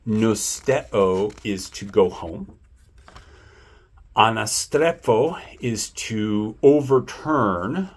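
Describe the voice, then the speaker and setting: A man's voice: on the low side, a little hiss or hum. A man thinking aloud as he works through a vocabulary list, often correcting himself. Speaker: language learner going over vocabulary. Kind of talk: casual self-study walkthrough.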